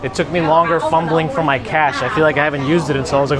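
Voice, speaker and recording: A man's voice: fairly high pitch, fairly even intonation, fast talker, hardly any pauses. A man live-streaming a walk, chatting casually and thinking aloud to his viewers. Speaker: live-streaming walking vlogger. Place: outdoors on a city street. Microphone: handheld gimbal camera mic. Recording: street noise behind a handheld camera mic.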